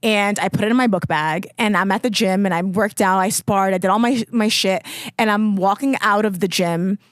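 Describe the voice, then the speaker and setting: A young woman co-hosting a podcast, telling funny stories in an animated, self-mocking way. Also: mid-range voice, moderate pace, dry recording, studio quality. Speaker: podcast co-host. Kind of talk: casual chat.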